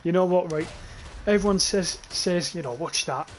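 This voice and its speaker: While playing a shooter on stream, a young adult man rambles, curses, and laughs as he reads his chat out loud. His voice sits high and is a little mellow, and he talks at a normal speed. Some slight background noise can be heard.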